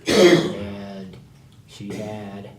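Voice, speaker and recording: Slow, soft-spoken man, low voice, heard from a distance in an echoey room. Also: expressive. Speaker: board member at a community meeting. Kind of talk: community meeting discussion.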